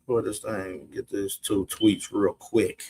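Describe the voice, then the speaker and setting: A man's voice: on the low side, little pitch movement, slow pace, darkish tone, breathy edge. A man hosting a boxing news show, casually commenting on clips, laughing often and swearing bluntly. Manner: laid-back, laughs a lot, blunt with profanity.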